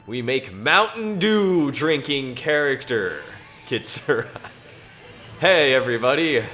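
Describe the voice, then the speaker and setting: A male streamer talks at an unhurried, slow pace, drifting between scripture reading and loose chatter to no one in particular. He rambles and chuckles often, with faint music playing behind him. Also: mid-range voice, very animated, pushed and bright. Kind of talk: casual live-stream chat with scripture reading.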